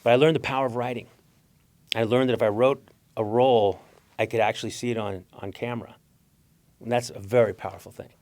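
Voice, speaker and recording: A man's voice: mid-range voice, fairly even intonation, fairly quick, long pauses, darkish tone. A middle-aged Mexican-American man telling stories in a talk, acting out voices and laughing often. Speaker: guest speaker. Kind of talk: storytelling talk.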